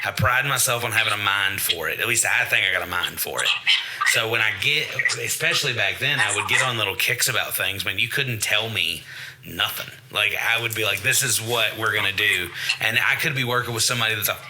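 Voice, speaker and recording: A man's voice: on the low side, fairly quick. A man hosting a podcast, chatting casually and rambling through stories while acting out quotes. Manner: rambling storyteller who acts out quotes. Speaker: podcast host. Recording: clicky background noise.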